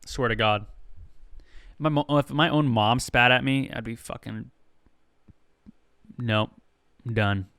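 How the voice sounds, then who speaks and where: A man's voice: medium pitch, takes it slowly, pauses often, fairly bright tone, clear, resonant tone, dry recording, studio quality. A man hosting a comedy podcast, telling stories in a rambling, profane, conversational way. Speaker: podcast host.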